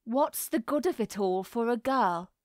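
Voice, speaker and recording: A woman reading the lines of an anxious, earnest mother who speaks gravely with a slight tremble. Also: a little high, lively intonation, unhurried, dry recording, clean studio sound. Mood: worried.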